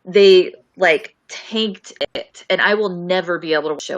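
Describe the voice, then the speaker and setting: A woman with a lower voice speaks bluntly, her disgust plain and unhedged. She is a panelist on a live video stream from home. Her delivery is flat-out and firm. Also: moderate pace, rough recording. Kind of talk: live stream review chat.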